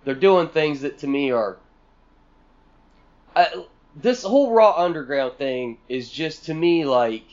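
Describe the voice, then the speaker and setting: A man's voice: fairly high pitch, animated, a little slow, long pauses, darkish tone, lo-fi sound. A man co-hosting a podcast, venting in a profane, exasperated rant full of sarcastic mock quotes. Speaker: podcast co-host.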